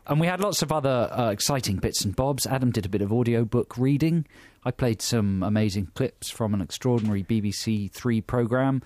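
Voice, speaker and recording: A man's voice: mid-range voice, a little fast, few pauses, darkish tone, dry recording. A man co-hosting a comedy podcast, chatting playfully and laughing easily in casual banter. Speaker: radio and podcast co-host.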